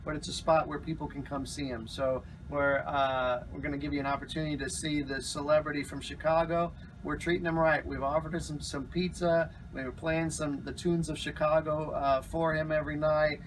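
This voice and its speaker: A man's voice: a little high, flat delivery, fairly quick, distant mic, slight background noise, low-quality recording. A man hosting a casual outdoor interview, friendly and easygoing. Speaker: interviewer, host. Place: outdoors at an animal park.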